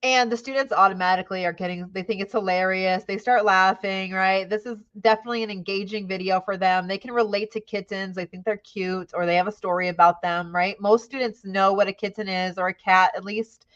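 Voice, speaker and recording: A woman's voice: medium pitch, steady tone, a little fast, few pauses, a bit bright, muffled recording. A woman teacher giving an upbeat training talk, often checking in with "right?" and acting out how she questions young students. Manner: upbeat, frequent "right?" tags, models classroom questioning.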